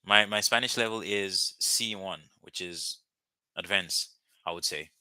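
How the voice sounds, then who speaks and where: A man teaching a live language lesson, patiently repeating words slowly for learners. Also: deep voice, sharp tone, clean tone, no echo.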